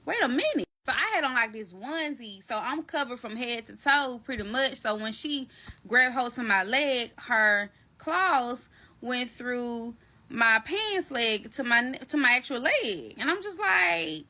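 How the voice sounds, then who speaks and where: A woman telling a story in a casual storytime vlog, animated and slangy, talking straight to her viewers. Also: fairly high pitch. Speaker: vlogger.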